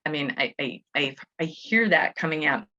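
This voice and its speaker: Middle-aged woman teacher talking to parents, chatty and self-correcting, bright lowish voice. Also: expressive, normal speed. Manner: chatty, with frequent restarts and fillers. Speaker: Montessori school educator. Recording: dull lo-fi audio.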